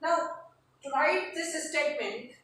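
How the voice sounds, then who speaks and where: A woman teacher giving a lecture on essay writing, explaining each step slowly and repeating the key terms. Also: high voice, a bit bright, slight background noise. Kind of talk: classroom lecture. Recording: echoey room from far off.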